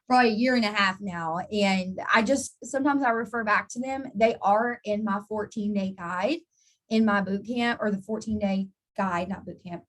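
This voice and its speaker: A woman's voice: mid-range voice, normal speed. A woman giving a casual live training talk to her network marketing team, chatty and encouraging, often restarting and repeating words as she answers viewers by name.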